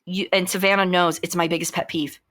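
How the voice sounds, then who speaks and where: A young woman co-hosting a podcast in casual chat, animated and quick to leap into high imitations. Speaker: podcast co-host.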